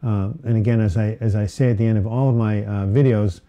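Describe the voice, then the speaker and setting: Dark-voiced man hosting a live Q&A. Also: on the low side, fairly even intonation, brisk. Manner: rambling, with many uh fillers and restarts. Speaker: host of a live mental health Q&A. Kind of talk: casual live-stream chat, reading viewer questions. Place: home setting, Portland.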